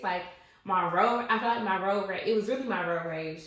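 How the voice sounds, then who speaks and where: Speaking fairly quickly at a medium pitch, a twenty-something woman shares a personal story on a podcast. Her delivery is animated, candid and full of slang, and it's recorded in a very echoey room.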